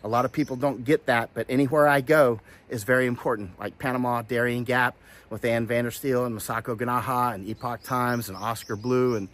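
Rambling man with many restarts. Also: medium pitch. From Florida. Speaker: commentator. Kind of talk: casual commentary. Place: outdoors, in hot weather.

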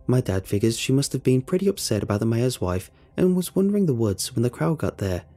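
A man voicing an excitable, teasing older boy who tells a spooky tale with rising eagerness. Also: medium pitch, a little fast. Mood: eager. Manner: animated, raised and eager.

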